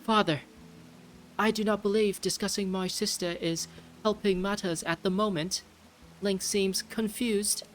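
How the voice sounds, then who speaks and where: A man's voice: high-pitched, fairly even intonation, a little slow, slight background noise, pitched above the performer's own voice. A man voicing an eager, earnest young fish prince in a put-on British accent, reading game lines in a raised voice. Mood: gentle. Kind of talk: reading game dialogue aloud.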